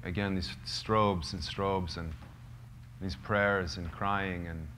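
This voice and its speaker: A man, a filmmaker, telling a true story to a small live group, halting and searching for words with many fillers. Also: sits low, fairly even intonation, a bit bright, slight background noise. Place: cozy lodge hall gathering.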